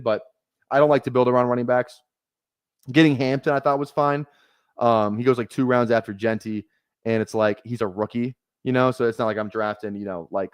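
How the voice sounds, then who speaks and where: A man's voice: medium pitch, smooth, no echo, studio quality. A man giving casual live-stream commentary on his fantasy football draft, rambling and correcting himself as he thinks aloud.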